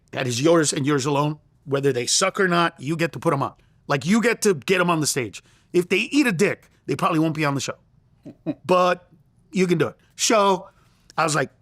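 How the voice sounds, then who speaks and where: A middle-aged male comedian telling a story in an interview, animated and profane, acting out the voices he quotes. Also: fairly high pitch, dry recording, studio quality. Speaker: comedian guest.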